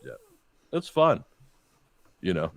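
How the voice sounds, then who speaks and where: A man's voice: fairly low pitch, normal speed, fairly bright tone, no room sound. A man hosting a casual chat, telling profane, jokey stories and dropping into voices. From Chicago area. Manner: profane, jokey storyteller who slips into voices. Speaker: podcast host.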